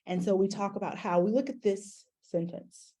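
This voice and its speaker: A woman's voice: mid-range voice, steady tone, normal speed, warm tone. A middle-aged woman educator giving a conversational talk to an audience, with frequent fillers and restarts. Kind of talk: conference talk presentation.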